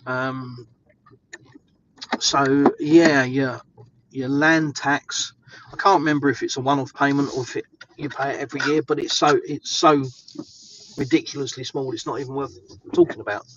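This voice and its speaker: A man's voice: medium pitch, fairly even intonation, normal speed, fairly bright tone, lo-fi sound, a little hiss or hum. An English man vlogging casually outdoors in the snow, chatty and rambling with lots of fillers. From England. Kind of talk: casual walking vlog.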